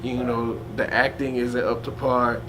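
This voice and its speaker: Young male rapper guest, relaxed slangy talk, middle pitch; noisy room sound. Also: unhurried. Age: young adult. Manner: laid-back, slangy, many fillers. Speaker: hip hop artist, guest. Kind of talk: casual interview chat.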